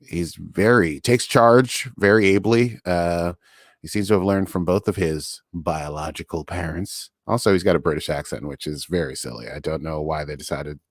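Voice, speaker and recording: Podcast co-host, male, low voice, casual recap chatter with laughs, dry recording. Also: dry recording. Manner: chatty, laughing, quick asides.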